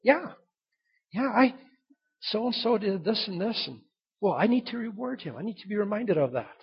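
A man's voice: high voice, expressive, normal speed, vocal fry, breathy edge, voice pushed up, full character voice. A man voicing God as fond and mindful, musing over a loyal servant's deeds, in a dull lo-fi recording.

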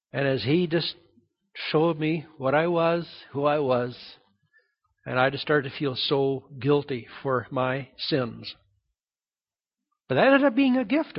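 A middle-aged man preaching a sermon as pastor, animated and acting out the voices he quotes. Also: fairly high pitch, gravelly, husky, long reverb tail. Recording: dull lo-fi sound.

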